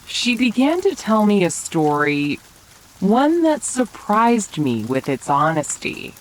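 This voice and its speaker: A woman telling a romantic bedtime story in a soft, whispered role-play. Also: mid-range voice, sing-song, a little hiss or hum, low-quality recording. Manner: slow, soft bedtime narration. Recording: faint rain sounds behind.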